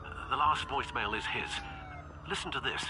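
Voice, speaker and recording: An actor playing a polite, formal older butler in a video game. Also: male voice, medium pitch, expressive, normal speed, noisy background, natural voice. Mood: concerned. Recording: game audio with sirens behind.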